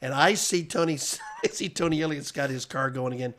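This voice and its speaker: A man on a podcast as guest, telling casual anecdotes with animated delivery and frequent chuckles. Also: on the high side, a little fast. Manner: animated storyteller, chuckles often.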